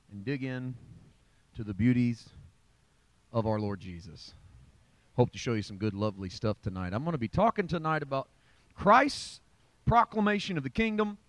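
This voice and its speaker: A man leads a midweek Bible study as pastor, his voice at an ordinary middle pitch. He preaches in a conversational but emphatic way, often restarting his sentences. The sound is dry and close. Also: fairly bright tone, no room sound. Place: church.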